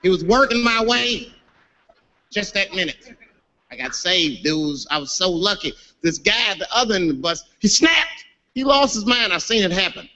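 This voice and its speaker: A man telling a profane stand-up comedy story with animated delivery, on dull lo-fi audio. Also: sits high, normal speed. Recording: dull lo-fi audio with faint noise.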